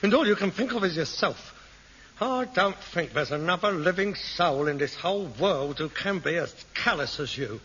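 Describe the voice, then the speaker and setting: In a 1960s radio sitcom, a male actor plays a hypochondriac grown son, dramatic and self-pitying, with a high, animated voice at a moderate pace. He sounds martyred, whining and theatrical, and the old broadcast recording is dull with loud hiss.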